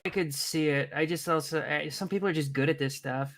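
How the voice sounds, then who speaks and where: Profane, laughing man with a fairly high voice. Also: a little fast, a bit bright, a little hiss or hum. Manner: irreverent, profane, laughing banter. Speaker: podcast co-host. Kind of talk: casual political chat.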